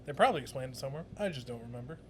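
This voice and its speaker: Brief: young male podcast co-host, mid-pitch, steady delivery, explains with lots of fillers, faint background rumble. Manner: explains at length, halting with fillers and restarts. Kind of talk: casual chat.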